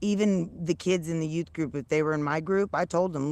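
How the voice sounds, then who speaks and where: A woman's voice: low-pitched, fast, a little mellow, dry recording. A middle-aged woman livestreaming outdoors on a farm, chatting casually with viewers in a loose, laughing way and swearing freely. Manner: loose, laughing, salty talk. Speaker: livestreaming vlogger. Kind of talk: casual live chat with viewers.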